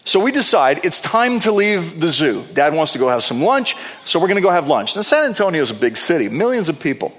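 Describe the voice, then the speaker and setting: A male pastor telling a story in a sermon, animated, with playful asides. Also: on the high side, a little fast. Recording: long reverb of a large hall.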